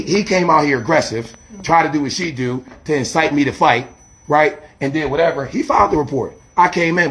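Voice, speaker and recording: A man, a street preacher, arguing on a phone camera in an agitated, rambling, defensive way and pleading with older women. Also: medium pitch. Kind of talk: heated confrontation filmed on camera.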